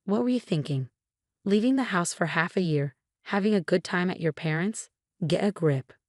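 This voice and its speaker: A woman's voice: on the low side, expressive, moderate pace, dry recording, studio quality, lightly acted. A woman voicing an angry, condescending husband with a ranting, scornful delivery.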